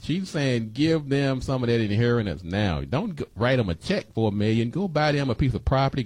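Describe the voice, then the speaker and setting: A male talk-radio host with a folksy, preachy delivery who repeats key points for emphasis. His voice sits in a middle pitch, and the studio sound is close and dry. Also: darkish tone, dry recording. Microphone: studio microphone.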